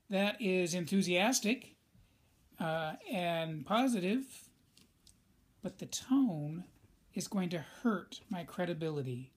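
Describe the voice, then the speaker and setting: A man's voice: high-pitched, animated, unhurried. A male teacher giving a recorded lesson in a conversational way, speaking straight to his students. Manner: conversational, addresses students directly.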